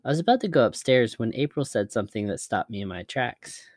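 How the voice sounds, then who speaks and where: A man narrating scary stories in a measured, even storytelling manner. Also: mid-range voice, no echo, studio quality.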